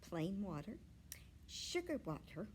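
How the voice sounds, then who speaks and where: A woman's voice: mid-range voice, very animated, slow pace, a little hiss or hum. A woman reading a storybook aloud, voicing an eager, chatty young schoolgirl.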